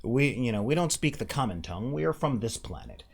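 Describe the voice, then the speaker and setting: A man's voice: mid-range voice, gravelly, husky. Emphatic man talking about tabletop games. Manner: animated, emphatic, slips into quick mock voices. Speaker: podcast host. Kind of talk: casual monologue on tabletop gaming.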